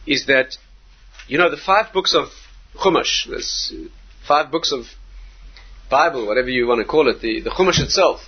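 Husky man giving a Torah lecture. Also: on the high side, lo-fi sound. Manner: animated, repeats phrases, asks rhetorical questions. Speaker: rabbi lecturer.

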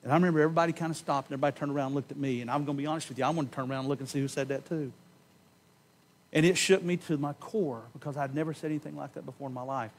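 A man preaching a sermon in a church, giving an impassioned personal testimony that swings from loud emphasis to hushed tones and slows on key words. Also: on the high side, fairly even intonation. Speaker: pastor. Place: church sanctuary.

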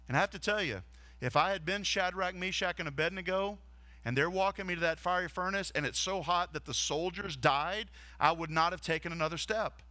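A man's voice: on the high side, a little fast, sharp tone, dry recording. A man, a lead pastor, preaching a sermon earnestly and asking the congregation rhetorical questions. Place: church stage.

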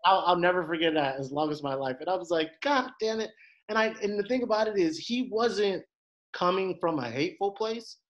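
A man in his thirties from Detroit, a guest on a podcast, telling stories in a lively, animated way and acting out the voices of the people in them. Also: sits high, fairly quick, lo-fi sound. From Detroit, USA. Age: 30s. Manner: animated storyteller, acts out quoted voices. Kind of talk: casual conversation, storytelling.

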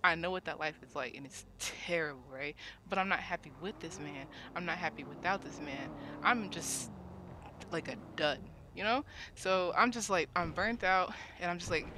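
Rambling, bright-voiced young woman. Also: lowish voice, moderate pace, slight background noise. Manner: rambling, many fillers, repeats herself when upset; swears freely. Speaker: cast member sharing her side. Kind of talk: emotional casual storytelling.

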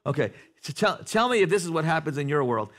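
A man preaching a sermon to a congregation in a church, talking conversationally, asking the room questions and building to loud, animated passages. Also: a little high, fast talker. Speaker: pastor. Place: church sanctuary before a congregation.

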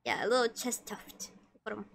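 A woman's voice: a little high, sing-song, a little fast, vocal fry. A woman streamer chatting casually with her viewers while she draws, giggly and playful as she teases her chat.

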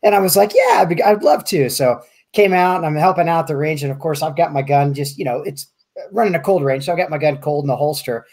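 A man in casual podcast chat, telling an animated story and swearing freely. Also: a little high, fast talker. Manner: animated storyteller, acts out voices.

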